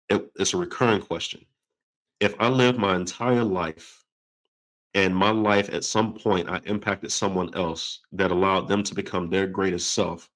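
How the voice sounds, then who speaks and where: A man hosting an interview, telling a story in a lively, conversational way and acting out the quoted voices. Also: sits low, poor audio. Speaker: podcast host.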